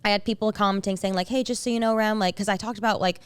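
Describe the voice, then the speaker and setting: A woman's voice: medium pitch, steady tone, very fast, clear, resonant tone, no room sound. A young woman co-hosting a podcast in casual chat, rambling and restarting with lots of "like". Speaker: podcast co-host.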